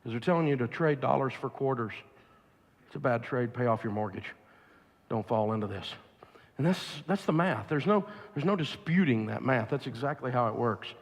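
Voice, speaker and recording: A man's voice: medium pitch, animated, normal speed. A man with a Southern US accent giving a blunt, emphatic, preachy money seminar to a live audience. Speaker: financial speaker. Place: large live event venue. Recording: long hall reverb from a large venue.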